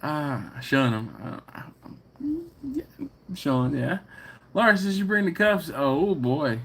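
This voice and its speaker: His fairly high voice swings widely in pitch and comes out slow, gravelly, a little bright and slightly rough. The man, from Philadelphia, is hosting a laid-back livestream, laughing often while reading viewers' comments aloud.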